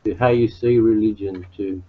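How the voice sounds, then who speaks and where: A man's voice: lowish voice, steady tone, normal speed. Guy rambling in a chat, keeps saying mate, sounds tinny like a phone line. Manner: rambling, says mate and man a lot. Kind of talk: casual chat.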